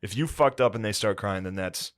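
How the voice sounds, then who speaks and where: A man's voice: on the low side, fairly quick, no room sound, studio quality. A man co-hosting a podcast, bantering crudely and rambling through jokes and mock outbursts. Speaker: podcast co-host.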